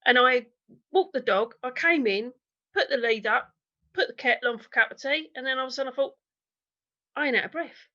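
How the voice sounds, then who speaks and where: A woman's voice: sits high, brisk, pushed and bright. A woman, chatting candidly and self-deprecatingly as an interview guest over a video call. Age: 50s. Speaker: interview guest, diet consultant. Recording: dull lo-fi video call audio.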